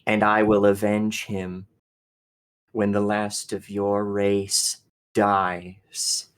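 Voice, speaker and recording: A man voicing a cold, hateful ancient female machine ruler in a tabletop role-play, with a slow, contemptuous, seething delivery. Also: lowish voice, monotone, smooth, rough recording. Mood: seething contempt.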